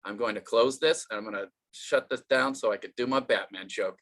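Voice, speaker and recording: A man's voice: fairly low pitch, fairly quick, fairly bright tone. A man doing an online stand-up comedy set, rambling and self-deprecating, with many fillers and restarts.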